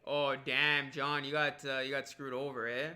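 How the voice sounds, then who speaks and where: A man's voice: medium pitch, flat delivery, moderate pace, bright, forceful tone. A man hosting a fan live stream, calling the plays of a basketball game and chatting upbeat with viewers, greeting them by name. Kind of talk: live-stream play-by-play and chat shout-outs.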